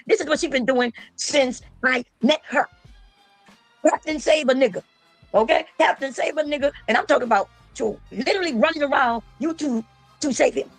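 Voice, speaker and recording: A woman streamer giving loud, mocking commentary, laughing often and mimicking the people she talks about. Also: high-pitched, a little fast, no room sound, soft background music. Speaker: streamer reacting to a panel. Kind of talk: casual livestream commentary.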